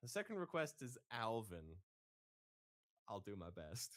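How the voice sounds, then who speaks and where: A man appearing as a guest voice impressionist on a live stream, talking in a thoughtful, halting way. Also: on the low side, big pitch swings, a bit bright. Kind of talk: casual live-stream chat.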